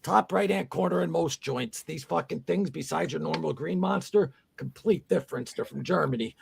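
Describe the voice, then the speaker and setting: A man's voice: a little high, normal speed, creaky, noisy background. A man on a podcast, talking casually in a rambling, profane, insistent way. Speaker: podcast co-host. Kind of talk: casual chat.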